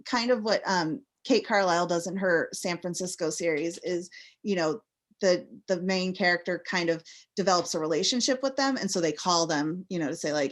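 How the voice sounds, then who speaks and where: Chatty lower-voiced woman from Massachusetts. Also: moderate pace. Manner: chatty, rambling, full of fillers. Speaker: guest author. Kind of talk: casual interview chat.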